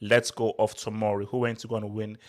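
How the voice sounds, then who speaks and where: A man co-hosting a casual football podcast, ranting loudly and excitably, repeating himself. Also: on the low side, a little fast. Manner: loud, excitable, repetitive ranting. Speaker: podcast co-host. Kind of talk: heated casual football chat.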